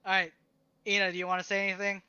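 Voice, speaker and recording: A man who is the game master, narrating a tabletop game in a casual, halting way, on a muffled lo-fi mic. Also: sits high, completely flat delivery, bright, forceful tone, clean tone, no room sound.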